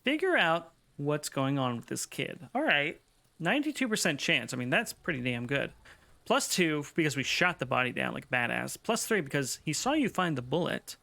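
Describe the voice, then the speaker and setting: Lively, gravelly man streaming a game. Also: on the high side, moderate pace. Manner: thinks aloud, hesitant with ums. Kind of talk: casual gameplay commentary.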